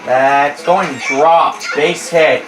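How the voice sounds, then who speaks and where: A man's voice: fairly high pitch, steady tone, very slow. A man with a stuffy nose giving playful, jokey play-by-play of a video game, often correcting himself. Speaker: host, play-by-play commentator. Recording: roomy sound with music behind. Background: game music.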